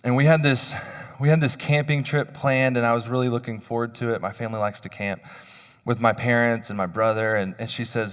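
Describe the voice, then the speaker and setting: A man's voice: mid-range voice, fairly even intonation, fairly quick, clean tone. Man telling a story in a reverberant chapel. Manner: conversational, self-deprecating storyteller. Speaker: chapel speaker. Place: university chapel hall. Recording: long hall reverb.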